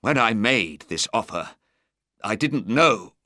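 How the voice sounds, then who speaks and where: A man's voice: fairly low pitch, expressive, slow, no echo, studio quality, full character voice. A man voicing a tired, older nobleman who is proud but shaken, speaking in a weary, strained way. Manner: weary, strained, sometimes sharp.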